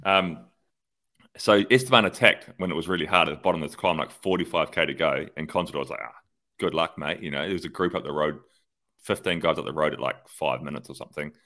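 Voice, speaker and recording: A man's voice: rumbling low, quick pace. A man co-hosting a cycling podcast, animatedly retelling race tactics in casual chat. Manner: animated storyteller, acts out radio exchanges. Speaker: podcast co-host, former pro cyclist.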